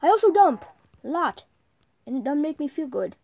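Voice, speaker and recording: A woman voicing a silly cow in a game, talking in a high, strained squeal. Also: sing-song, moderate pace, vocal fry, mellow, dry recording, exaggerated voice. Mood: whiny. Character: silly whiny cow, oversharing.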